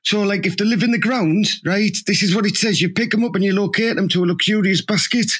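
Man, high voice, husky, rambling comic storyteller. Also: fast talker, a bit bright. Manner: rambling storyteller, full of "aye, man" and "you know what I mean". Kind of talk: improvised comic banter.

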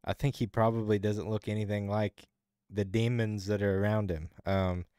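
Smooth-voiced profane podcast guy. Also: lowish voice, flat delivery, moderate pace, dark tone, no echo, studio quality. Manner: rambling, swears a lot, restarts sentences. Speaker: podcast co-host. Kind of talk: casual profane chat.

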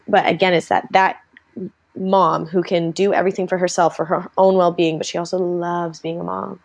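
Young woman, podcast co-host, casual storyteller, a little low in pitch, animated quotes. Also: moderate pace, gravelly. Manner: chatty storyteller, acts out quotes in animated voices. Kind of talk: casual chat.

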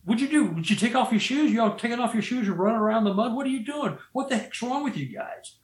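A man voicing a gruff, bossy male work-crew foreman who fires off exasperated, swearing questions at his crew. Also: mid-range voice, expressive, close to an everyday voice. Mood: baffled, exasperated. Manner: shouting, swearing, rapid-fire questions. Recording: roomy echo.

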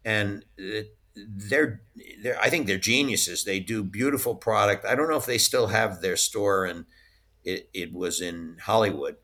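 A man speaks as an interview guest recalling his years in merchandise licensing. His voice sits low but has a bright, forceful edge. He tells stories in a loose, chatty way and often breaks into laughter. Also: a little slow. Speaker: interview guest, former studio licensing executive. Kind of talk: casual anecdotal storytelling.

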